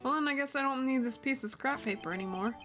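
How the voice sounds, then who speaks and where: A woman's voice: high voice, quick pace, bright, forceful tone, faint music behind. A woman reading an earnest young lawyer. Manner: polite, plain, questioning.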